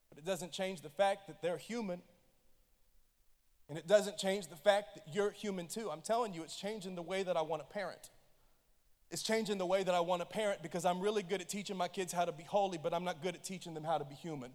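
A high-pitched male pastor delivering an impassioned sermon, his voice swinging from quiet, intimate asides to loud bursts. He sounds middle-aged. A long reverb trails each phrase, as in a large church hall. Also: a little fast. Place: church auditorium.

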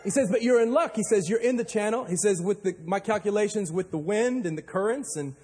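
A male pastor preaching a sermon, telling a story with animated delivery and acting out panicked quotes. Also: high voice, fairly quick, slight background noise. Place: church auditorium. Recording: long hall reverb.

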